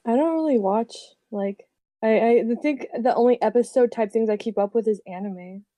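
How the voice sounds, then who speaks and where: A woman chiming into a podcast chat, hesitant and a little off-mic. Her voice is fairly high but mellow in tone, and it sounds dry. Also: normal speed, no room sound. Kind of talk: casual chat.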